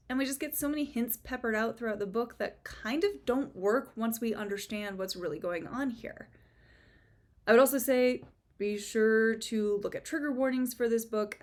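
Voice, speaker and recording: A young woman giving a casual, chatty book review, with sarcastic asides and frequent fillers. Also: a little high.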